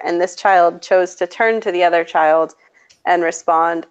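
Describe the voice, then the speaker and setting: A woman's voice: on the low side, slow pace, long pauses. A young adult woman, a preschool teacher, telling funny classroom stories in casual chat and acting out what people said. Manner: animated anecdote telling, acting out quotes with laughs. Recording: dull lo-fi audio.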